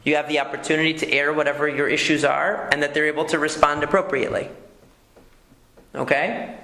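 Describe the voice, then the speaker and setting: A man's voice: a little high, fairly even intonation, brisk, creaky, sharp tone. A man, a rabbi, giving a conversational lecture and checking in with "okay?" as he teaches. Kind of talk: lecture on marriage communication. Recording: echoey room.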